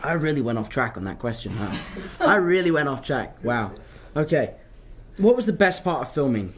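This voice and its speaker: A man's voice: mid-range voice, big pitch swings, normal speed, a little hiss or hum. A young man from England, chatting in a casual live interview and answering in an upbeat, rambling way with many fillers and restarts. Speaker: actor being interviewed.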